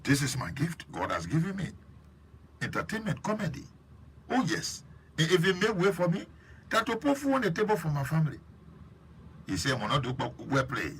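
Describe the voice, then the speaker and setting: A man with a Liberian English accent hosting a live stream, chatting lively and preachy while teasing viewers by name. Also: high voice, normal speed, pauses often, a little hiss or hum. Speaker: host.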